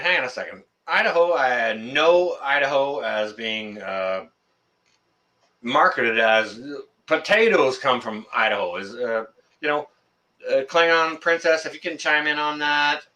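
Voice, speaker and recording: A man's voice: mid-range voice, lively intonation, a little slow, sharp tone. A man hosting a casual live-stream chat, joking and teasing his guest. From Canada. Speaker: channel host.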